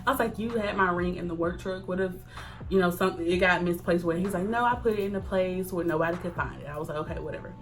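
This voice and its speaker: A young woman chatting casually to camera, animated, acting out quoted lines and laughing often. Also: on the low side, fast talker, soft background music. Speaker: vlogger. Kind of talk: casual storytime chat.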